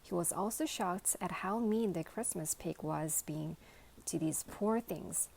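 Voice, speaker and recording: A woman reading a children's novel aloud as a bedtime story, in a gentle, measured way. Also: on the low side, vocal fry, breathy edge, poor audio. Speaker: storybook reader.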